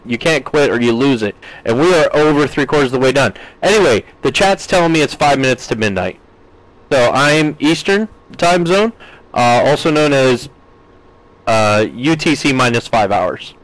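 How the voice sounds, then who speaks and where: A man's voice: mid-range voice, dry recording, rough recording. American man chatting on a live stream. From United States. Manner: chatty, reads chat aloud with playful jokes. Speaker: game streamer.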